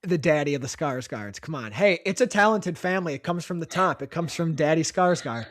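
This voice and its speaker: A man's voice: fairly high pitch, lively intonation, a little fast, a bit bright, no room sound. A man with a Midwestern accent, co-hosting a film podcast in playful, joking casual chat. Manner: playful, jokey banter. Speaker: podcast co-host.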